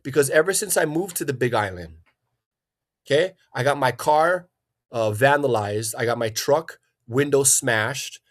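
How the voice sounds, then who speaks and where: A man's voice: medium pitch, expressive, unhurried. A man hosting a livestream, ranting in an agitated, profane way and often repeating himself. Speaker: livestream host. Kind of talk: angry livestream rant.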